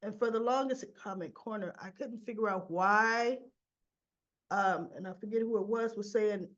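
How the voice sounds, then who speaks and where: A woman casually recapping a soap opera episode, acting out the characters' lines, with a cough and frequent throat clearing. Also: medium pitch, normal speed, muffled recording. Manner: chatty, acts out characters' lines in quotes.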